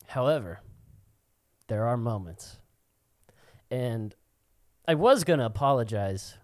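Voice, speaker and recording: A man's voice: fairly low pitch, no echo. A man co-hosting a casual podcast, telling stories in a profane, ranting way. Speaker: podcast co-host.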